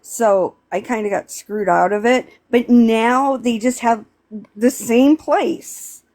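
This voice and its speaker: A middle-aged woman from Pennsylvania, a live stream host, talking in a rambling, halting way and close to tears. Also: on the high side, a little mellow. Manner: rambling, halting, tearful, many restarts. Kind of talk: emotional casual chat.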